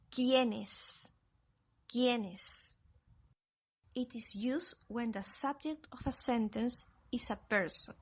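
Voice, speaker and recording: Lady going through spanish lesson, slow and clear, kinda high voice. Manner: slow, careful example sentences spoken in Spanish. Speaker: Spanish teacher. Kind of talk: scripted language lesson narration.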